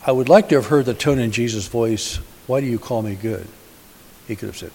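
A man's voice: medium pitch, fairly quick, dark tone. A man giving a sermon as a pastor, asking the congregation many rhetorical questions in a conversational way. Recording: hissy recording in a reverberant hall.

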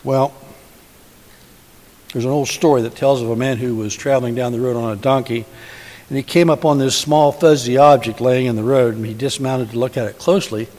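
A man's voice: mid-range voice, steady tone, fairly quick, darkish tone. A man giving a sermon as a pastor, asking the congregation many rhetorical questions in a conversational way. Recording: hissy recording in a reverberant hall.

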